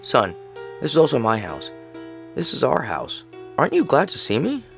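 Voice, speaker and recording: A man voicing a gentle middle-aged mother back from the grave, soft, doting and eerily calm, in a horror game. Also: mid-range voice, moderate pace, vocal fry, soft background music, voice pushed up, heavily acted.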